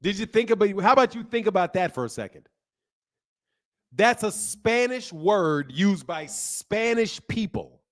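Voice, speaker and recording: A man's voice: sits high, animated, a little slow. A man hosting a livestream and answering chat in a heated, lecturing way, full of loose slang, with many repeated words. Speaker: livestream host.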